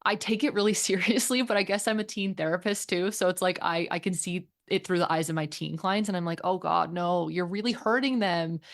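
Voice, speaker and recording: Low-voiced earnest woman co-host. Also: steady tone, fast, hardly any pauses. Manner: earnest, reflective, thinking aloud. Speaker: podcast co-host and teen therapist. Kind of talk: casual conversation on parenting.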